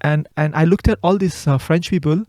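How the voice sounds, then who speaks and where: A man's voice: fairly high pitch, fairly quick, warm tone, no echo. Playful male host, dry close voice. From India. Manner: corrects guest's English, playful. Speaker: host, English teacher and comedian. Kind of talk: casual interview chat.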